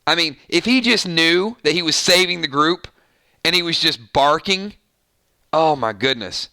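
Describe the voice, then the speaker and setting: A male channel host chatting on a live stream, reading viewer comments, excitable and laughing often, talking straight to his viewers. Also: fairly high pitch, unhurried, dry recording, clean studio sound.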